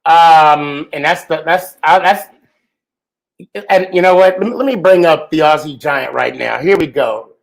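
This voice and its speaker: A man's voice: on the high side, a little slow, creaky, poor audio. A man hosting a casual podcast, chatty and joking, with a lot of fillers and restarts. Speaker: podcast host.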